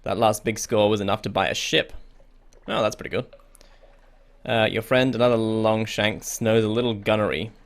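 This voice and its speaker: A man's voice: fairly low pitch, steady tone, normal speed. A young man hosting a casual let's play, reading the game's text aloud and reacting in a chatty way. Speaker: gaming video host. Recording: faint game music behind.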